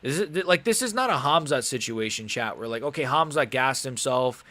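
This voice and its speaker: A man's voice: mid-range voice, a little fast. A young man casually commentating a live fight on a stream, swearing and getting worked up, often grumbling under his breath. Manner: casual, swearing, animated and frustrated. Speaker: MMA streamer.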